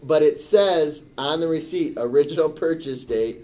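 A middle-aged man telling a story in casual chat, animated and turning indignant as he goes. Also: fairly high pitch, moderate pace. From Michigan, USA. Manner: animated, rising to indignant outbursts. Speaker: storyteller on a talk show.

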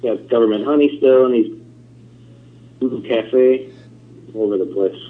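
Male co-host, average pitch, easygoing rambler on a tinny phone-style line. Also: moderate pace, slight background noise. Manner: relaxed, filler-heavy rambling. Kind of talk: casual chat.

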